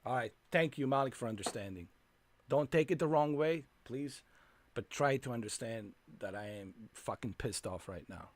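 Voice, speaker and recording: A man's voice: mid-range voice, moderate pace. A man live-streaming a flight game, fuming and ranting with constant swearing at the game.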